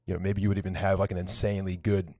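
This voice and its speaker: A man hosting a podcast, asking quick, curious questions in casual chat and swearing freely. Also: low voice, little pitch movement, a little mellow, no room sound, clean studio sound. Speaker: podcast host.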